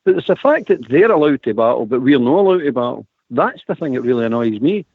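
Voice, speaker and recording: A Scottish man rants about his team's treatment on a fan radio phone-in, his voice swinging lively and animated. The sound is dry and squeezed thin, as if through a telephone line. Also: medium pitch, fast, breathy edge, no echo. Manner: indignant, animated football fan. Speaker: radio co-host.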